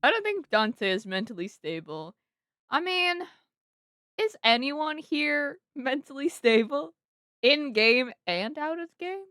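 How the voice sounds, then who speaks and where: Giggly, animated young woman streamer. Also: high-pitched, slow pace, dry recording. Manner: giggly, filler-heavy chatter. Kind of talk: casual game commentary.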